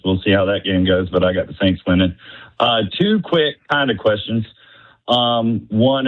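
Male caller on a tinny phone line. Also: on the low side. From Alabama. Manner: chatty, rambling fan. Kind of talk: phone-in chat.

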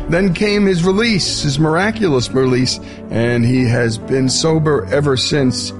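A male host reads a scripted wrap-up in a measured voice at a middle pitch. A music bed plays clearly beneath him. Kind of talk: scripted show outro narration.

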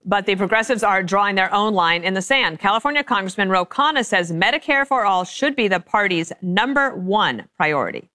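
A woman hosting a television news panel show, reading introductions and questions in a brisk, crisp anchor delivery on a studio microphone. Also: mid-range voice, lively intonation, pushed and bright, no echo. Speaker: talk show host.

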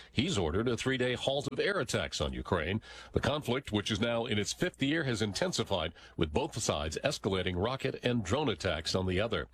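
Male news anchor, husky voice, measured newscast read. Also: fairly low pitch. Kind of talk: radio newscast.

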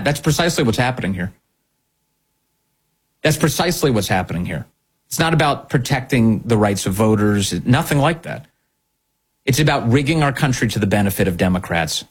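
A husky-voiced man hosting a commentary show, pressing his points with sarcasm and indignation. His pitch swoops up and down in lively leaps as he hammers each line home. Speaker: political commentary host. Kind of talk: opinion monologue.

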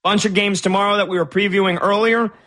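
A man's voice: high voice, steady tone, quick pace, sharp tone. A man hosting a sports radio show in a studio, chatty and opinionated with a playful streak. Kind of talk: casual sports talk. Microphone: studio microphone.

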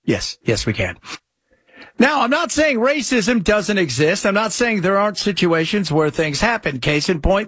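A man hosting a commentary show, reacting to clips with sarcastic, mocking remarks and loud laughs. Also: sits high, sing-song, normal speed, husky, no room sound. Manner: mocking, laughs loudly at his own jokes.

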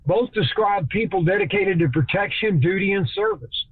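A man's voice: sits high, lively intonation, husky, dry recording, narrow, tinny audio. A man from Texas, giving a folksy, speech-like scripted talk as host. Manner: folksy speech-like delivery, shifts between slow and fast.

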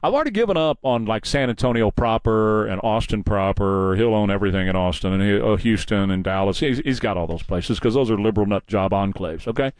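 A man's voice: fairly low pitch, fairly quick, few pauses, clear, resonant tone, dry recording. A man hosting a political commentary show, delivering a combative, preachy and mocking monologue. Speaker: talk show host.

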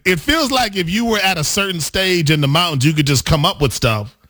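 A man's voice: high voice, lively intonation, a little fast, pushed and bright. A man co-hosting a casual chat, playful and teasing, laughing often as he riffs on regional words.

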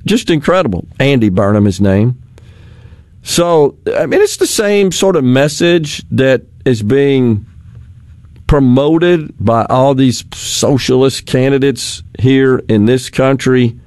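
A man's voice: mid-range voice, animated, takes it slowly, darkish tone, no room sound. A man hosting a talk radio show, commenting sardonically on the news, chuckling and mocking officials in quoted voices.

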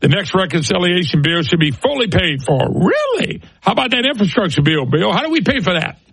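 Fired-up gravelly radio host. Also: male voice, sits high, quick pace, no echo. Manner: animated, scornful ranting with rhetorical questions. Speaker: radio talk show host. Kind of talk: political talk radio monologue.

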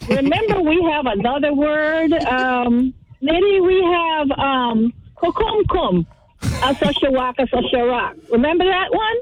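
A woman with a Guyanese accent calling in by phone, explaining her views in a measured, thoughtful way. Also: high-pitched, animated. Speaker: caller, host's cousin. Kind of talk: phone-in conversation. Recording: tinny phone line.

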